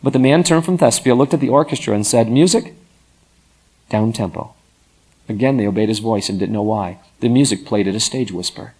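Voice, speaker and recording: A man narrating a story in an expressive, dramatic storytelling manner. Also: lowish voice, fast, few pauses, breathy edge.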